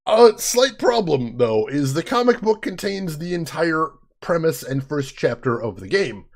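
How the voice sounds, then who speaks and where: A man's voice: fairly high pitch, sing-song, moderate pace. A man hosting a casual game commentary, joking around like a playful showman with mock-grand announcements. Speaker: let's play host.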